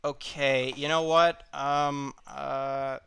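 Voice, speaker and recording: A man's voice: mid-range voice, flat delivery, drawn-out words, vocal fry, a bit bright, clean tone. A man running a tabletop game as game master, talking hesitantly and apologizing as he fumbles with the tools.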